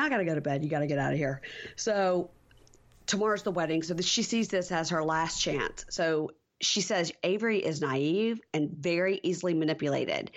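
A woman in her forties co-hosting a podcast, casually retelling TV scenes and acting out the quotes. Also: on the low side. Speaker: podcast co-host. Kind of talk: casual TV recap chat. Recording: dull lo-fi audio.

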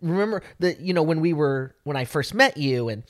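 Man podcast co-host, casual chat, lively storyteller who acts out the lines. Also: fairly high pitch, a little fast. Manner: animated storyteller, acts out quotes.

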